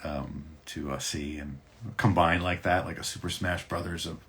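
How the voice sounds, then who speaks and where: A man in his fifties with a very deep, husky voice, chatting casually with fans on a livestream. He rambles along relaxed, with plenty of ums and uhs between thoughts. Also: normal speed. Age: 50s. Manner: relaxed, rambling, many fillers. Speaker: voice actor hosting a fan Q&A.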